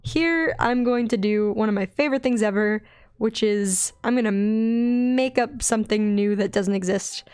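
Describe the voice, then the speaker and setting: A young woman with a light Southern accent, chatting in a bubbly, rambling way while she draws on a stream, often giggling and getting excited. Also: fairly high pitch, moderate pace, clear, resonant tone, no echo, clean studio sound. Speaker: digital artist streaming her drawing. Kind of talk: casual chatty art stream.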